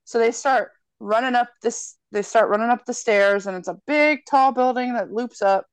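A woman's voice: fairly high pitch, moderate pace, clear, resonant tone, no room sound. A woman in casual chat, recapping a film plot with lots of swearing and acted-out quotes. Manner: profane, animated storytelling with quoted voices. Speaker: podcast co-host recapping a film.

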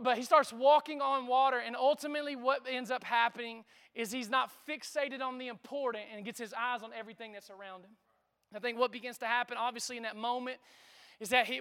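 A man preaches with a very high, bright voice. His sound is smooth and clear, and he talks in a lively, conversational way. He calls out for the congregation to answer him. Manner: lively preaching with call-and-response asides. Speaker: pastor. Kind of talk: sermon.

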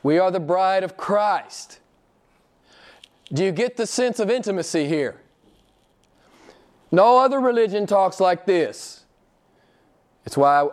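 Emphatic preaching man. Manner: emphatic, rising high when quoting others; asks the congregation questions. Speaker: pastor. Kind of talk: sermon.

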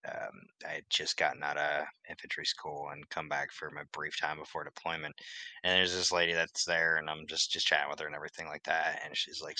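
A very low-pitched man with a piercingly bright, cutting tone tells stories on a podcast. He swears freely and talks with animated emphasis, recorded dry and close. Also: a little fast, dry recording. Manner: profane, animated storytelling. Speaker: podcast co-host. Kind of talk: casual chat.

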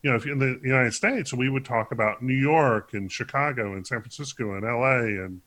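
A man co-hosting a podcast, speaking in a halting way, repeating words as he searches for his phrasing. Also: mid-range voice, a bit bright. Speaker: podcast co-host. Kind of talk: casual book discussion.

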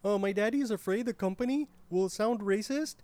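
A woman plays a smug, entitled male ad executive in a comedy sketch, talking in a flat, hesitant way full of little fillers. The recording is dry and close. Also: medium pitch, no room sound, lightly acted. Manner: hesitant, deadpan with drawn-out fillers.

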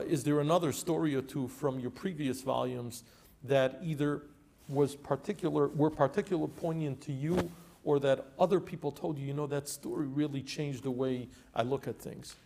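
A male host with an even, middle-pitched voice leads the interview. He asks his questions in a measured, polite way and sums up the guest's points.

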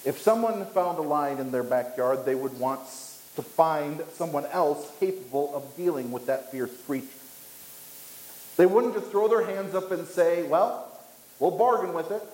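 A man preaching in a church with a fairly high voice and lots of echo around him. His delivery is emphatic, with dramatic pauses and a climbing pitch as he drives each point home. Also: expressive, a little mellow. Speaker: pastor. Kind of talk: sermon.

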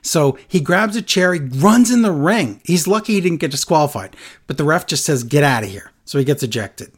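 A man chatting casually on a podcast, animated and acting out quotes in a lowered voice. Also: brisk, husky. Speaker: podcast co-host recapping wrestling. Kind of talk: casual chat.

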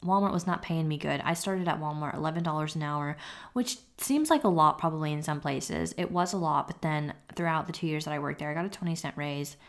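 Her voice sits low and moves a little fast as this young woman runs her solo podcast. Candid and casual, she shares details of her life and drops an occasional curse.

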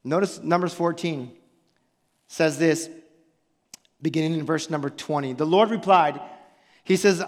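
A man's voice: fairly high pitch, unhurried, long pauses. A male pastor preaching an emphatic sermon in a church, often breaking in with "listen" and rhetorical questions. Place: church sanctuary. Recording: long church-hall reverb.

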